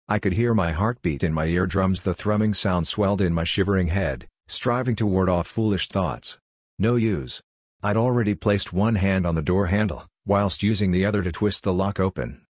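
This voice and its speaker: Deep, husky male horror narrator. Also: no room sound, clean studio sound. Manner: measured, grave storytelling delivery. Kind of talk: scripted horror story narration.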